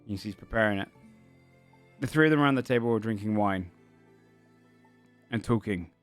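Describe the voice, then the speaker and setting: A man's voice: lowish voice, brisk, soft background music. A man narrating a tabletop game as game master, describing scenes in a rambling way full of fillers.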